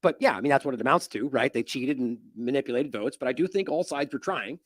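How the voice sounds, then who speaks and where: A man hosts an independent news show, offering animated, indignant commentary that mocks the news with sarcastic quotes. His voice is medium-pitched and quick, recorded with clean studio sound and no echo.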